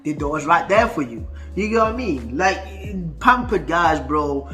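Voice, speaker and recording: A man's voice: a little high, very animated, unhurried, sharp tone, soft background music. A man, ranting about football in a casual vlog, heated and full of stuttering restarts. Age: 20s. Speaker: football fan vlogger.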